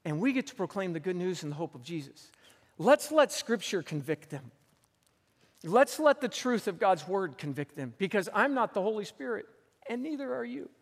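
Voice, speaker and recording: A man's voice: high-pitched, very animated, moderate pace, long reverb tail. A man preaching a sermon as pastor on a church stage, telling a story earnestly and repeating phrases for emphasis.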